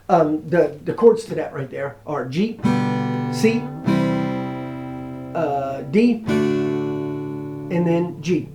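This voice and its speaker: Man, middle-aged, folksy guitar teacher, chatty, fairly high voice, roomy home recording. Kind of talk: casual guitar lesson. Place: home room. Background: acoustic guitar strumming.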